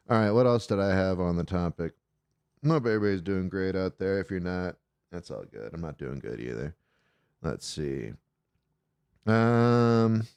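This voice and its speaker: Low, dark-voiced man rambling on a live stream. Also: smooth, dry recording. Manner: rambling, loose and irreverent, swears freely. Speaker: call-in show host. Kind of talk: casual live-stream monologue.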